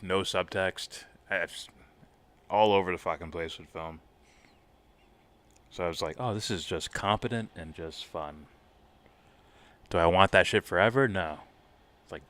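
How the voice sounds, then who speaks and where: A man's voice: deep voice, pushed and bright, smooth. A man co-hosting a casual live reaction stream, rambling about films with lots of swearing and laughter. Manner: profane, rambling, laughs a lot. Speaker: co-host.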